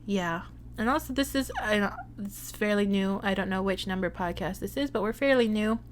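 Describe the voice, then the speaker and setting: A woman's voice: medium pitch, moderate pace, slight background noise. A woman from Arizona co-hosting a casual movie podcast, chatting in a rambling way with lots of fillers. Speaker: podcast co-host. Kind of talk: casual chat.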